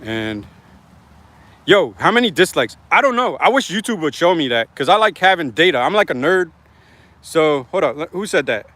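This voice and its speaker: A man's voice: fairly high pitch, big pitch swings, normal speed, pushed and bright, dry recording. A man hosting his own livestream in casual, rambling, slangy chat, reading out viewer comments as he talks into his phone. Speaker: livestream host.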